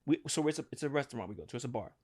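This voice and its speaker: A man spins a long, profane story for his podcast co-hosts. He talks at an everyday pitch and acts out each quote as he goes. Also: lively intonation, very fast, darkish tone. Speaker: podcast co-host. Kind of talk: casual storytelling chat.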